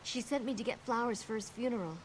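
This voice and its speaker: A woman's voice: fairly high pitch, quick pace, slight background noise, close to an everyday voice. An actress playing a frightened young woman servant held captive in a video game, urgent and pleading.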